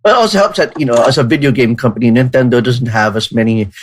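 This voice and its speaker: A man in a relaxed podcast chat, with a voice of ordinary middle pitch. He talks at length and keeps thinking out loud, restarting his sentences as he goes. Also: fast talker, poor audio. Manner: talkative, thinks aloud with many restarts. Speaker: podcast co-host.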